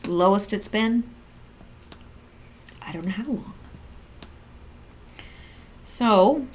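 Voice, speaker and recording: A middle-aged woman talks through documents in a casual commentary, breaking off to react with sarcastic "wow"s and asides. Her pitch sits in an ordinary middle range for a woman, and she often stretches out key words. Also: extremely slow, darkish tone. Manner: sarcastic, exclaims and reacts while reading figures. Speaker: political commentary vlogger.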